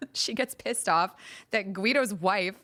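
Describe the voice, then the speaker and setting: A woman's voice: medium pitch, takes it slowly, bright, forceful tone. A woman guest on a film podcast, chatting animatedly with plenty of "like" and laughing asides. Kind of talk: casual film podcast chat.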